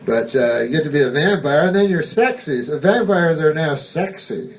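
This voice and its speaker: A man performs stand-up in a dry, deadpan ramble that halts on frequent ums and uhs and is thick with swearing. His voice sits a bit high and sounds far from the mic, with noise heard behind it. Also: normal speed. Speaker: stand-up comedian. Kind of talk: stand-up comedy. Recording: distant mic with background noise.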